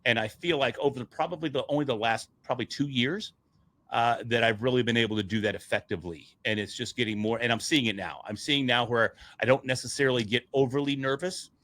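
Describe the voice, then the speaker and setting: Man, bright forceful tone, animated storyteller, casual podcast chat, mid pitch. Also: fast. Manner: animated, acts out quoted dialogue. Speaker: public speaker and podcast guest.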